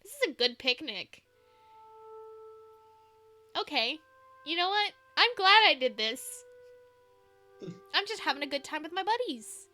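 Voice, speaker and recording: A woman's voice: high voice, big pitch swings, unhurried, long pauses, pushed and bright, soft background music. A woman streaming a game, reading it aloud and chatting in a playful manner. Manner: playful, laughs easily. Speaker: streamer reading a visual novel.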